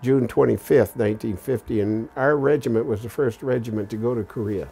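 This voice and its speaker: An elderly man in his eighties tells his war memories in a documentary interview, blunt and plain-spoken. His voice is gravelly and dark, with a warm, low tone. Faint music plays underneath. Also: a little fast. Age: 80s. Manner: plain-spoken, blunt storytelling with occasional profanity.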